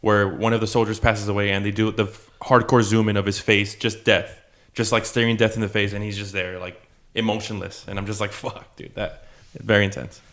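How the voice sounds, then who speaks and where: A man with a fairly low voice on a casual podcast. He speaks earnestly in halting phrases, restarting often. His voice sometimes sinks almost to a mutter. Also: little pitch movement, fairly bright tone. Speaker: podcast co-host. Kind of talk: casual recap chat.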